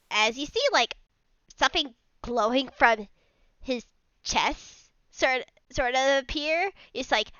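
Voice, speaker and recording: Woman tabletop player, rambling narration, crisp high voice, dry slightly dull sound. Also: bright, forceful tone, dry recording. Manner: rambling, many fillers and restarts in narration. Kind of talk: casual tabletop role-play.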